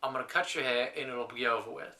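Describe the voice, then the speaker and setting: A man's voice: mid-range voice, steady tone, fast, bright, forceful tone. A man voicing a barber as he retells a story, keeping close to his own voice. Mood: impatient. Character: impatient male barber.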